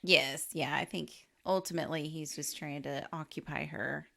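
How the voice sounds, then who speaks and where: A woman's voice: deep voice, fairly even intonation, moderate pace, creaky, fairly bright tone. A young woman co-hosting a podcast, laughing a lot and poking fun at a movie's plot with sarcastic quips. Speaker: podcast co-host. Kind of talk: casual movie recap chat.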